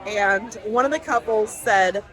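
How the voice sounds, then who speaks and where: A woman vlogging on a cruise ship, chatting excitedly about her day. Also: medium pitch, a little slow, low-quality recording. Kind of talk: casual vlog chat. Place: busy cruise ship lounge. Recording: crowd noise. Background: crowd chatter.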